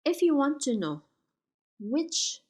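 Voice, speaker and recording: Woman language teacher, higher voice, slow, clear delivery of each example. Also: very animated, a little mellow. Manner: slow, careful, spells out each Turkish word. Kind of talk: slide-based grammar lesson.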